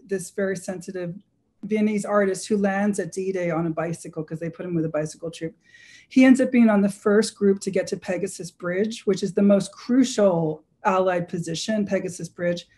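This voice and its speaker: A woman's voice: medium pitch, dark tone. A woman author being interviewed, recounting anecdotes with energy and frequent self-corrections. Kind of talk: lively anecdotal storytelling.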